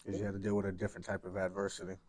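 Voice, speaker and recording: A man's voice: low voice, monotone, rapid-fire, darkish tone. A young man hosting an interview, earnest and rambling, with slangy casual talk. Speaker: podcast host.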